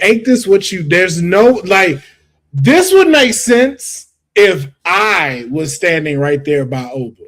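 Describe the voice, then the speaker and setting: Male podcast host, slightly high voice, emphatic and slangy, casual chat. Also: fairly bright tone.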